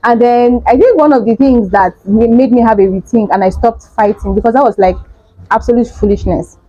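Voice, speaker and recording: Young woman, Nigerian accent, storytime vlog, mellow voice, dull lo-fi sound. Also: on the high side, brisk, dry recording. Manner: animated storytelling with frequent laughs. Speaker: vlogger.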